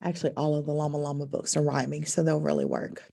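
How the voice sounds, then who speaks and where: Low gravelly lady teacher, patient, walking parents through it with lots of ums. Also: steady tone, quick pace, warm tone. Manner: patient and instructive, with frequent ums. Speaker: second-grade teacher. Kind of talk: explaining to parents.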